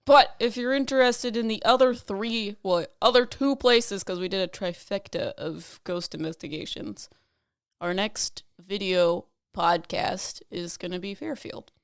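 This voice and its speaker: A woman's voice: medium pitch, a little slow, clear, resonant tone, no echo, clean studio sound. A woman co-hosting a podcast in casual chat, chatty and jokey, telling dad jokes. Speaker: podcast co-host.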